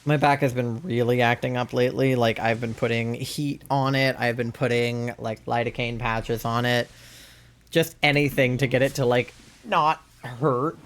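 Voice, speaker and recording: A man's voice: mid-range voice, fairly even intonation, normal speed, a bit bright. A young man livestreaming a game, chatting casually into a headset mic with a rambling, filler-heavy manner. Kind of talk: casual chat while gaming.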